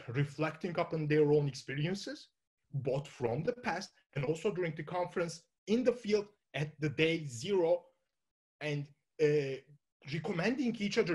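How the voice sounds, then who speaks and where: A man with a Turkish accent speaks to an audience in a slightly high voice. He thinks out loud as he goes, breaking off and restarting sentences with frequent fillers. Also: moderate pace. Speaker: conference speaker. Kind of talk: informal talk to an audience.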